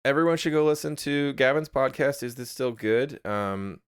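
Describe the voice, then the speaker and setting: A man's voice: medium pitch, moderate pace, clean tone. A man co-hosting a podcast, chatting casually, laughing often and dropping into playful whispers. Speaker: podcast co-host. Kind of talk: casual chat.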